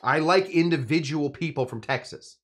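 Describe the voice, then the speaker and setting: A man's voice: a little high, normal speed. A man from California hosting a casual cocktail-making video, talking in a rambling, jokey way with playful asides. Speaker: cocktail show host.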